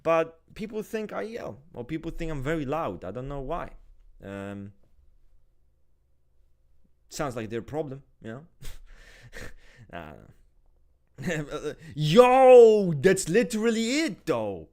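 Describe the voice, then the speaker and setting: A man rants loudly on a casual podcast, cursing freely between laughs. His voice sits somewhat high and swings widely in pitch. He talks with lively, animated energy. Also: slow pace, long pauses. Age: adult, married. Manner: loud, swears a lot, animated ranting. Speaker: podcast co-host. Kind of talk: casual chat.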